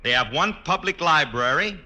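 A man's voice: fairly high pitch, animated, pushed and bright. A man playing a boastful, joking husband and father in a 1940s radio sitcom. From Tennessee. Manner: boastful, quick joking delivery. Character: cocky joking Southern husband. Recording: hissy old radio broadcast recording.

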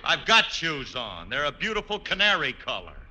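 A man's voice: a little high, huge pitch swings, pushed and bright, heavily acted. A man playing a boastful, joking husband and father in a 1940s radio sitcom. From Tennessee. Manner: boastful, quick joking delivery. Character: cocky joking Southern husband. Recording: hissy old radio broadcast recording.

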